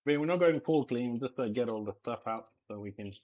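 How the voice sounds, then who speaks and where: A man's voice: mid-range voice, brisk, darkish tone, highs cut off. A man chatting casually while he cooks on a live stream, thinking aloud as he works. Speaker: home cook streamer.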